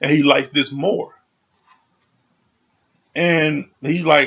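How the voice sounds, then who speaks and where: Gravelly man recapping a show casually. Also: a little high, fairly even intonation, extremely slow, pauses often, a bit bright, dull audio. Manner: loose, conversational, full of "you know" and "like". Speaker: reality show reviewer.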